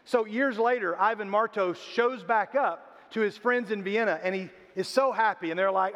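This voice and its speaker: Older man, pastor, sermon, storytelling, high voice, dull lo-fi recording. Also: moderate pace, few pauses, a bit bright. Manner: storytelling, acts out quoted voices. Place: church sanctuary. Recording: reverberant hall, dull lo-fi sound.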